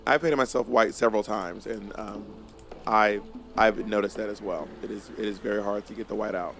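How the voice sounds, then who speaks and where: A man with a gravelly, creaky voice chats casually as a co-host. He talks in an animated, emphatic way and often restarts his sentences. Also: fairly low pitch, a little fast, faint music behind. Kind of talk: casual chat.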